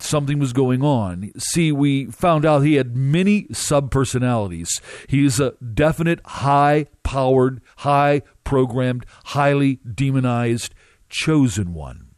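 A man recounting a dramatic first-person testimony as a minister, emphatic and halting, with drawn-out pauses. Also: mid-range voice, a little mellow, no echo, studio quality.

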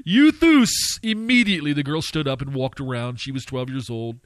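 A man's voice: sing-song, a little fast, fairly bright tone, dry recording. A man preaching a sermon to listeners. He asks them rhetorical questions and works up to fervent, pleading surges. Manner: impassioned, surging to fervent high-pitched pleading. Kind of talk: radio sermon.

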